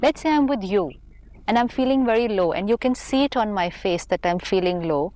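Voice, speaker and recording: A woman on a talk show, calmly explaining spiritual ideas with everyday examples. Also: medium pitch, brisk. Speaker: spiritual teacher.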